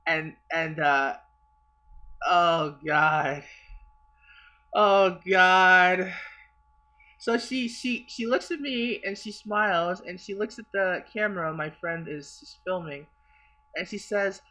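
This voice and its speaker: A man's voice: high-pitched, a little slow, bright, forceful tone. A young man vlogging a personal story, rambling and stammering, repeating himself and swearing a lot. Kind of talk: casual storytelling.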